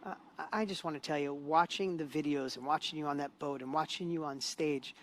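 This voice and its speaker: Fast-talking enthusiastic male host. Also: a little high, steady tone, a bit bright, slight background noise. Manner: enthusiastic, encouraging, motivational. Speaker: host and course co-creator. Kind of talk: live-stream interview.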